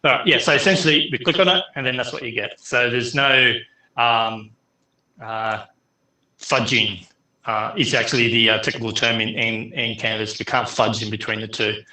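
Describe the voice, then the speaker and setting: A man's voice: mid-range voice, fairly even intonation, pushed and bright, roomy sound, poor audio. A middle-aged man, teaching an online class in a chatty way full of fillers. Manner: chatty, filler-heavy, speeds up and slows down. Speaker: university lecturer.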